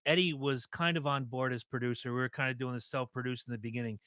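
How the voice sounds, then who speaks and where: A man hosting a podcast, animated and joking, acting out quotes in his stories. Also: mid-range voice, fast, slight background noise. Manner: animated, acts out quotes in loud voices. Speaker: podcast host. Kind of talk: casual podcast interview.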